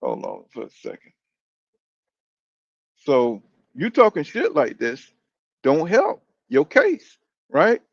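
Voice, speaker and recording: Brief: man, fairly high voice, loose swearing commentator, dull dry lo-fi sound. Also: wildly swooping pitch, takes it slowly, vocal fry, pauses often, dry recording. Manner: rambling, profane, keeps saying "you know what I'm saying". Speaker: boxing commentator. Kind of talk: casual opinion rant.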